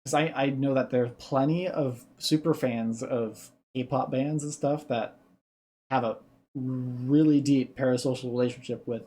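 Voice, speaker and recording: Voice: medium pitch, fairly even intonation, unhurried, dark tone. A streamer giving casual reaction commentary, thinking aloud and explaining ideas at length.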